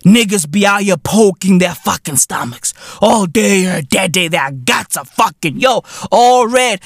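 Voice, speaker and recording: A man with a South African accent, hosting a comedy show, delivering a profane, animated rant in heavy slang with shouted bursts. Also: high voice, normal speed, hardly any pauses, no room sound, clean studio sound. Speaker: comedy podcast host.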